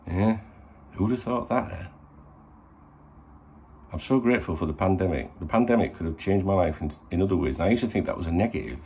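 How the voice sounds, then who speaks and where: Gravelly, sweary Scouse man chatting away. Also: sits low, lively intonation, fairly quick, pauses often, mellow, a little hiss or hum. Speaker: football channel host. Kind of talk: casual morning vlog to camera.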